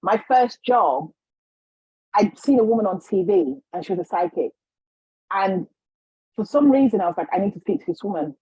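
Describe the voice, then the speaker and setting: Woman guest, storyteller who acts out the people she quotes, husky voice, dry slightly dull recording. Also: mid-range voice, expressive, moderate pace, pauses often, mellow, no echo. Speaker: guest, healer and psychic. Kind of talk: storytelling in a casual interview.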